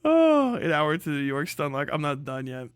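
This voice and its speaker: A man's voice: fairly high pitch, very animated, normal speed, clear, resonant tone, dry recording, clean studio sound. A young man hosting a livestream, ranting crudely and sarcastically, laughing often and answering chat. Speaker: livestream host. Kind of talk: profane ranting stream chat.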